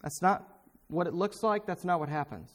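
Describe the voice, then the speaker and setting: A man's voice: high voice, lively intonation, normal speed. A man preaching a sermon in a fervent, exhorting way, speaking straight at his listeners with sudden emphatic bursts. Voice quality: pointed, direct address to listeners.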